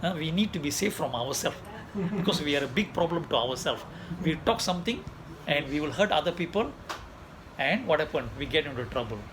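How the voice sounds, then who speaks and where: A man telling a story in a sermon, animated, acting out voices and laughing often. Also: a little high, brisk. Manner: animated, mixes Tamil and English, acts out voices, laughs often. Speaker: preacher. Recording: noisy ambience behind.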